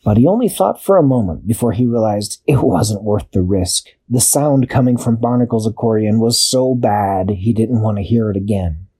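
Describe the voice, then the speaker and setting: A man narrating an improvised children's story in an expressive, drawn-out storytelling manner. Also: lowish voice, slightly rough. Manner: expressive, drawn-out storytelling with sound-effect pauses.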